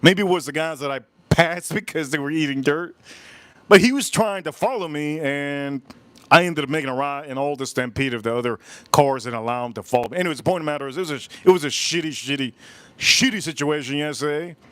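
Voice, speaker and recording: A man hosting a livestream, telling a story in an animated, emphatic way and repeating phrases for effect. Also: fairly high pitch, fairly quick, no room sound. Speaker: livestream host. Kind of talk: live-stream storytelling chat.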